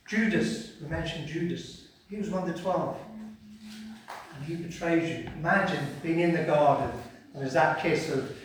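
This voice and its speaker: Man, preacher, sermon, fairly high voice, dramatic, very echoey hall, distant mic, faint noise. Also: moderate pace. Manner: dramatic, swings from hushed to loud. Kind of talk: sermon with scripture reading.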